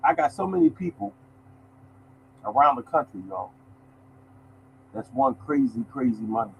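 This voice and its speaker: A man's voice: mid-range voice, big pitch swings, normal speed, vocal fry, slight background noise, low-quality recording. A man hosting a lottery podcast in a casual, emphatic monologue, repeating his points and calling listeners y'all.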